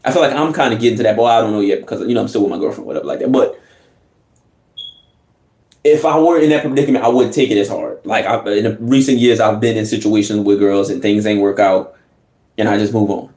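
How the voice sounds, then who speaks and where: A man's voice: on the low side, fast talker, a little mellow. Laughing, slangy man reacting. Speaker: reaction video host. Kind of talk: casual reaction commentary. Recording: echoey room.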